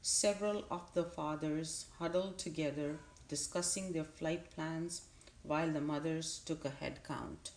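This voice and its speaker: A woman narrating a storybook in a calm, steady way. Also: low-pitched, unhurried. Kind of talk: audiobook narration. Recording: roomy echo.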